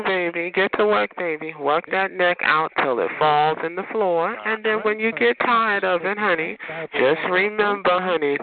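A man hosts a phone chat line with a high, lively voice that swings up and down. He roasts a caller in a sassy, theatrical way and calls everyone honey. The sound is thin and phone-like, with a loud crowd behind it.

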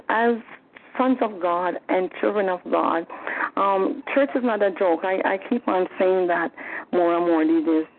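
A woman's voice: lowish voice, creaky. A woman teaching a Bible study, giving an earnest testimony and emphatic exhortation with repeated phrases, heard over a telephone conference line. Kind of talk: testimony and exhortation in a prayer call. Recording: tinny phone conference line.

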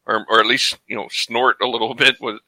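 A man's voice: mid-range voice, level tone, fairly quick, bright, forceful tone, dry recording, poor audio. A man co-hosting a casual movie review podcast, joking and laughing often. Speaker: podcast co-host.

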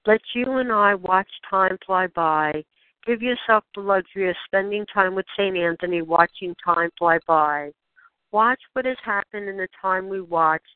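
A woman leading a channeled spiritual guidance session, speaking in gentle, questioning prompts to the listener. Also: medium pitch, normal speed, clean tone, no room sound. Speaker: spiritual guide. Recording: dry, tinny phone-like sound.

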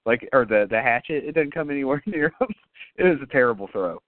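A man co-hosting a podcast, chatting casually and profanely about horror movies with excitement and jokes. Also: mid-range voice, quick pace, narrow, tinny audio. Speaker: podcast co-host.

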